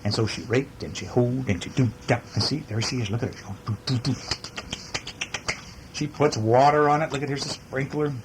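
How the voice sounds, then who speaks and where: A man's voice: medium pitch, normal speed, heavy background noise. A man reading a bedtime story aloud to a child, playful and sing-song, with chatty asides.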